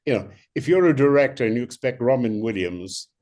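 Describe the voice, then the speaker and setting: An older male actor, a guest in an interview, telling animated stories with many restarts. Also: medium pitch, fairly quick. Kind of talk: interview anecdotes.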